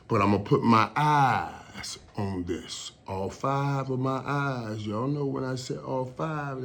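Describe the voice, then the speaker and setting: Man, casual solo talk, rambling, emotional, mid pitch. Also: creaky, fairly bright tone. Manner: emotional, rambling, repeats words. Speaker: show host.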